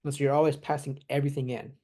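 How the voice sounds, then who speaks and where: A man in casual chat, relaxed, explaining technical points with examples and small laughs. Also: mid-range voice, racing. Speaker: AI expert guest.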